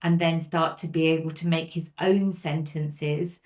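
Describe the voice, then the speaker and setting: A woman's voice: low-pitched, fairly even intonation, unhurried, a little mellow. A woman from England, a speech and language therapist explaining earnestly in a podcast conversation, with everyday examples.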